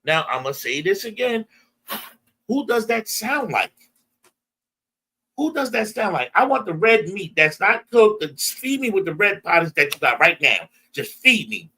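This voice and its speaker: With a high voice that swings widely in pitch, a pushed brightness, and a breathy edge, an American man teaches a Bible class at normal speed. He's emphatic, calls and responds with a reader he prompts, and restates verses in slang.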